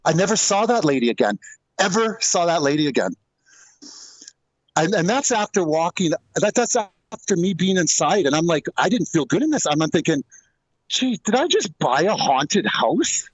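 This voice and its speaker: A man's voice: on the high side, animated, moderate pace, dry recording, dull audio. Rambling man telling a ghost story. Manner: rambling, with many restarts and asides. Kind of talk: casual storytelling.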